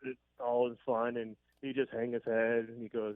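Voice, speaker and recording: A man's voice: medium pitch, completely flat delivery, moderate pace, no room sound. A man calling in to a radio show, telling a rambling, chuckling story full of fillers over the phone. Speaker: caller. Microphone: telephone. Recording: dry tinny phone line.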